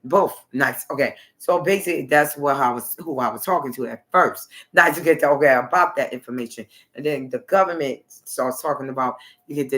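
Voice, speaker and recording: A man's voice: mid-range voice, a bit bright. Rambling man talking on a livestream. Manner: rambling, repetitive, trailing off mid-sentence. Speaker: livestream host.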